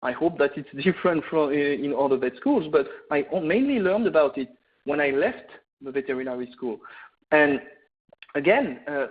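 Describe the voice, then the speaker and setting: A man's voice: on the high side, lively intonation, normal speed. French-accented man on a tinny line. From France. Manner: earnest, many "uh" fillers and restarts. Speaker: veterinarian presenting a webinar. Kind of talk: webinar lecture. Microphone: video call or webinar mic. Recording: tinny phone-like webinar audio.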